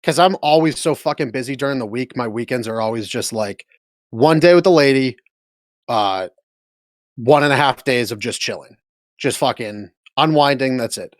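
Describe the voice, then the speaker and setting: A man's voice: mid-range voice, normal speed, dry recording, studio quality. A man co-hosting a podcast in casual chat, laid-back and profane, sometimes searching for words. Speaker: podcast co-host.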